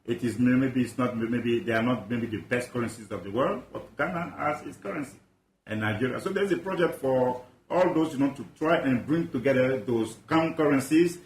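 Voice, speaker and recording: A man's voice: mid-range voice, moderate pace, roomy sound, a little hiss or hum. A man from Ivory Coast, a guest expert in an interview, talking passionately with emphatic rhetorical questions. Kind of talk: animated interview talk.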